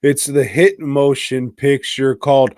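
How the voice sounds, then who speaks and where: A man's voice: mid-range voice, fairly even intonation, unhurried, a little mellow, no room sound, studio quality. A man co-hosting a podcast who retells movie plots in a rambling, profane, casual way. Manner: rambling, profane, laughing at his own story. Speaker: podcast co-host. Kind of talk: casual movie-recap chat.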